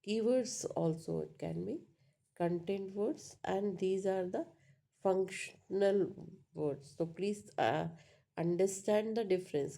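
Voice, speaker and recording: A woman teacher giving a slow online lecture, explaining step by step with many fillers and frequent checks for understanding. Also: on the low side, vocal fry, mellow. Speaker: English teacher.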